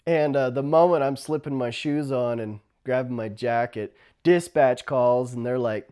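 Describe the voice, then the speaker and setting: Animated storytelling man, laughing often. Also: medium pitch, measured pace, hardly any pauses, clean tone. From Navajo Nation, US Southwest. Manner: animated, laughs often, acts out quoted shouts loudly. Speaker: former tribal police officer. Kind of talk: casual storytelling.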